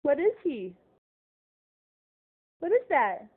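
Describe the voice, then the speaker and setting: A woman's voice: high-pitched, big pitch swings, takes it slowly, narrow, tinny audio. A mother coaxing her toddler in a sing-song home video voice.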